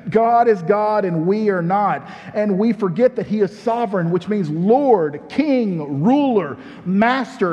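A man's voice: high voice, darkish tone. Guy preaching a sermon in a church, earnest, leads the crowd in repeats, dull sound with long echo. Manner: earnest, leads congregation in repeated call-and-response. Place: church sanctuary. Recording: muffled church hall recording with long reverb.

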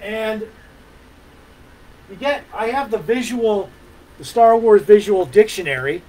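A man's voice: high-pitched, slow, a little mellow, low-quality recording. Rambling man hosting a podcast. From Ontario, Canada. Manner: loose, rambling, many fillers and hums, swears. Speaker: podcast host. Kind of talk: casual rambling chat.

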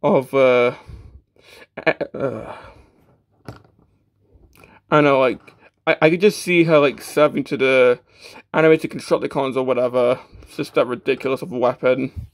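A man's voice: mid-range voice, unhurried, pauses often. A man casually reviewing a toy, stammering often and filling gaps with "uh" and restarts. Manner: stammering, with many fillers and restarts; self-deprecating, matter-of-fact.

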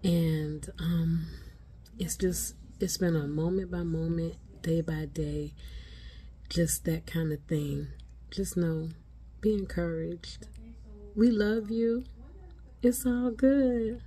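A woman recording a soft, faith-filled video message of encouragement. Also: lowish voice, steady tone, slow pace.

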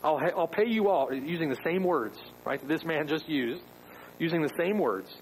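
A man's voice: a little high, lively intonation, normal speed, slight background noise, rough recording. A man preaching a sermon as pastor, emphatic, with rhetorical questions.

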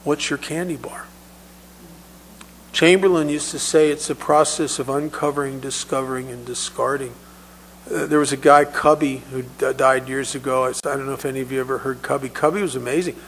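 Bright-voiced man telling recovery stories. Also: medium pitch, steady tone, fairly quick, a little hiss or hum, rough recording. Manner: conversational, repeats words when restarting. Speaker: recovery meeting speaker. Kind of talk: personal storytelling talk.

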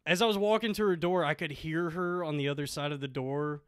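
A young man telling a comedic story on a podcast, deadpan and halting, with fillers and quoted voices. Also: on the high side, clean tone, no room sound, studio quality. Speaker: podcast co-host.

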